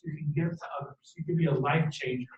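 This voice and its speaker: High-voiced man preaching in an echoey room. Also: quick pace, muffled recording. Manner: animated and preachy, with sudden shouted bursts and jokey asides. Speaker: motivational speaker at a team training event. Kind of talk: energetic motivational talk to a live audience. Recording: echoey room from a distant mic.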